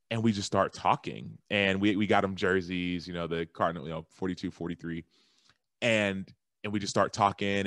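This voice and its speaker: A man from Texas, a guest on a podcast, telling a lively story in a casual, animated way that jumps high when he quotes himself. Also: no room sound, clean studio sound. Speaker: guest, former football linebacker and author.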